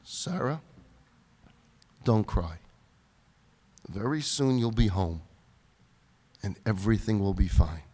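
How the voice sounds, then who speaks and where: Man doing a calm, soft-spoken young mother. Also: on the low side, voice pushed down. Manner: soft, measured, quiet. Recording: reverberant hall.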